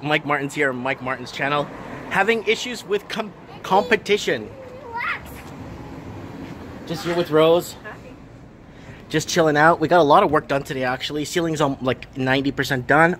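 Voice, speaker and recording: In his shop under renovation, a vlogger and shop owner in his thirties rants casually, rambling, exasperated and repeating himself. His voice sits on the high side with a fairly bright tone, moving at normal speed with long pauses. Slight background noise is audible.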